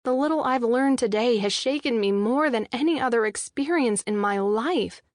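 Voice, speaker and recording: A young adult woman narrating a first-person audiobook in a measured, expressive way, with an anxious inner tone. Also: on the high side, no room sound. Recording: dry studio voice-over.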